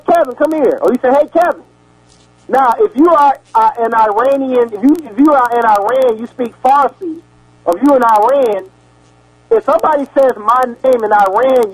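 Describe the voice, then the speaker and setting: A man's voice: very high voice, low-quality recording. A man giving a rambling sermon-style lecture over a radio broadcast, repeating words and asking his listeners questions. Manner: asks the audience questions.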